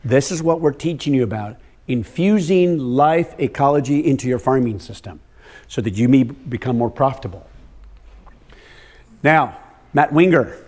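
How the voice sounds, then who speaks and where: A man's voice: medium pitch, lively intonation, moderate pace, darkish tone. An older man giving a workshop lecture to farmers, telling stories and firing questions at the audience. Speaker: workshop presenter on soil health. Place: workshop room with a live audience.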